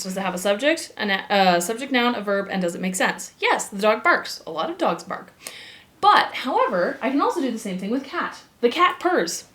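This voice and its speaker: A woman teaching a grammar lesson with upbeat, animated energy and quick bursts of excitement. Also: fairly high pitch. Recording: echoey room.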